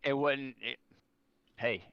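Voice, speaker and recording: A man's voice: mid-range voice, steady tone, slow, creaky, no echo, highs cut off. A young man, a serving soldier, rambling through a story as a podcast guest, full of restarts and acted-out quotes. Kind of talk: casual storytelling over beers.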